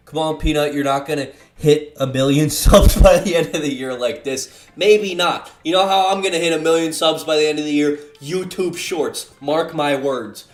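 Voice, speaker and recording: A man's voice: a little high, moderate pace, few pauses, roomy sound, soft background music. A man playing through a visual novel, joking and swearing with sarcastic commentary. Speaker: gaming YouTuber. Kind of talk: let's play commentary.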